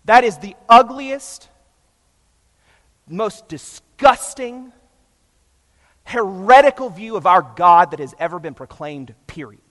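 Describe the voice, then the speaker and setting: A man preaching a sermon, passionate and emphatic, swinging between loud and hushed. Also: sits high, animated, slow, pauses often, long reverb tail. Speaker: pastor.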